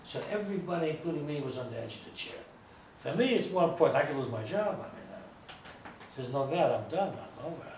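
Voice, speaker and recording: A man's voice: on the high side, lively intonation, fairly quick, hardly any pauses, a little mellow. A man who is a rabbi, giving a chatty, digressive lecture full of stories and joking asides to a small audience. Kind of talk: informal lecture with storytelling. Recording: echoey room from far off, faint noise.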